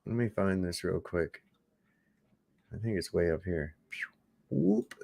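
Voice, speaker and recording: A man's voice: low-pitched, big pitch swings, slow, creaky, pauses often, warm tone. Profane mocking male livestream host. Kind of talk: casual livestream commentary.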